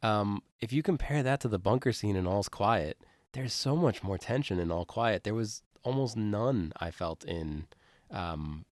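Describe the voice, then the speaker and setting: A man's voice: fairly low pitch, lively intonation, a little slow, no echo, studio quality. A man co-hosting a casual film discussion, making wry, conversational remarks. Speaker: podcast co-host.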